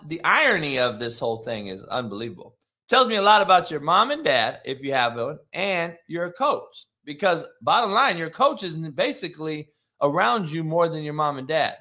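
A man's voice: a little high, pushed and bright. A man in his forties, a former football coach, telling a blunt, profane, heated story and ranting about disrespectful kids. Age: 40s.

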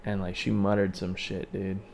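A man co-hosting a podcast, telling an animated, swearing story in casual chat and shouting the lines he quotes. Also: low-pitched, moderate pace, creaky, slight background noise. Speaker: podcast co-host.

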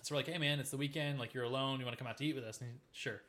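Brief: male podcast co-host, rapid and profane anecdote telling. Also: medium pitch, fairly even intonation, noisy background. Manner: fast, profane storytelling. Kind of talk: casual chat.

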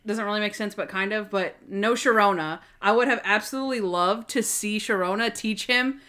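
A young woman co-hosting a casual chat podcast, speaking in a mid-range voice. She is animated and acts out characters' lines as she goes. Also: medium pitch, moderate pace. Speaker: podcast co-host.

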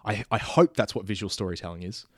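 A man in casual chat pitching a film idea, rambling with many fillers and restarts, now and then acting out characters' lines. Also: fast, slightly rough, dry recording, studio quality.

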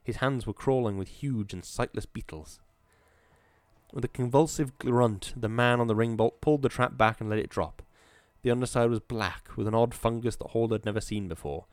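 A man narrating a story as an audiobook, in a steady, measured way. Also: mid-range voice, no echo.

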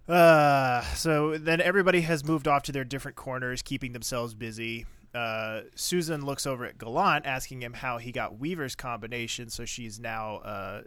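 Man, podcast co-host, casual recap chat, crude and blunt, mid pitch, dry close mic. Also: a bit bright, no room sound.

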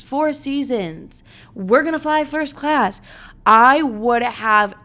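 A woman's voice: medium pitch, a bit bright. Young woman, casual storytime, brash and profane, filler-heavy. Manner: blunt, profane, dramatic, full of "like".

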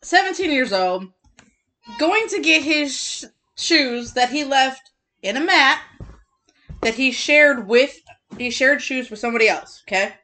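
Bright-voiced chatty woman podcaster. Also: high-pitched, measured pace. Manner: chatty, animated, laughs often. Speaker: podcast co-host. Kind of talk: casual true-crime podcast chat. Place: home living room, on a couch.

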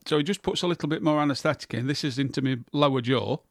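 A middle-aged man, spinning a casual anecdote in a chatty, good-humoured way. His voice sits a touch high for a man and sounds close and dry. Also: fast talker, no room sound. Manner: chatty, laughing at his own tale. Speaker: co-host telling a story. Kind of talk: casual storytelling.

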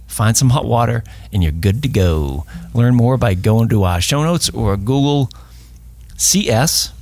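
A man co-hosting a hiking podcast, chatting casually and reading sponsor spots in a steady way. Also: mid-range voice, vocal fry, dry recording. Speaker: podcast co-host.

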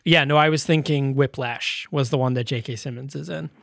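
A man's voice: medium pitch, fairly even intonation, brisk, vocal fry, fairly bright tone, no echo, studio quality. A man co-hosting a podcast, casually reviewing a movie and animatedly retelling scenes while acting out the characters' lines. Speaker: podcast co-host.

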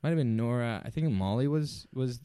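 A man's voice: mid-range voice, lively intonation, brisk, mellow, clear, resonant tone, no echo, clean studio sound. A male podcast co-host in casual chat, sounding stuffed up and nasal, talking with lots of hesitant restarts.

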